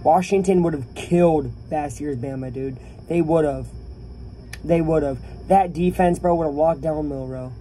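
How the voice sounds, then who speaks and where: Animated young man ranting about sports. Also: a little high, normal speed, a little hiss or hum. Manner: animated, opinionated, talks to viewers. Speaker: YouTuber. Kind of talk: casual sports rant to camera.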